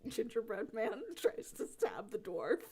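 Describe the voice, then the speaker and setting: A woman's voice: on the high side, sing-song, unhurried, dark tone, slightly rough. A woman running a tabletop game as game master, laughing often through her narration.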